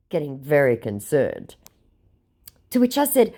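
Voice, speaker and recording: A woman's voice: low voice, big pitch swings, normal speed, warm tone. A woman retelling a chat with a scammer, sarcastic, mocking and blunt. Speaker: scambaiter narrating a chat. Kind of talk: comedic storytelling.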